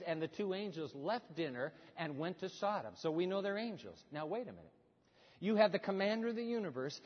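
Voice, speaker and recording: A man delivers a sermon with the animated pacing of a storyteller, often turning to ask his congregation questions. His voice sits fairly high for a man. The sound is a little dull and rings with the long reverb of a large church hall. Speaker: pastor.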